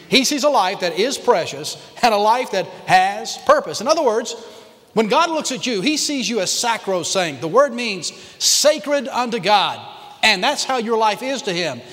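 A man preaching a sermon as pastor to his church, emphatic, repeating key lines and slowing down to stress them. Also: high voice, fairly bright tone. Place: church sanctuary. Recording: long hall reverb.

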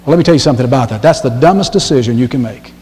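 A man's voice: mid-range voice, racing, darkish tone. A man preaching a sermon as pastor, emphatic and repeating key phrases as he reads scripture aloud. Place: church sanctuary. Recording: long hall reverb.

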